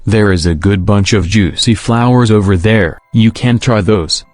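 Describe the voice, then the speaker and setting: A man's voice: on the low side, normal speed, dry recording, soft background music, lightly acted. A man voicing a wry, teasing male grasshopper in a storybook. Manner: deadpan, teasing.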